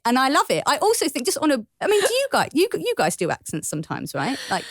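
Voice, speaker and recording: A woman from England with an East London accent, chatting on a podcast. Her voice sits fairly high and moves all over the place as she tells a story, and she laughs often. The sound is dry and close. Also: huge pitch swings, fast, hardly any pauses, no echo. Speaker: podcast guest. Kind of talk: casual chat.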